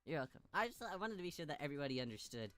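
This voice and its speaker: A woman's voice: low-pitched, very animated, very fast, faint music behind. A young woman streaming a game, reading its narration aloud between playful, giggly jokes.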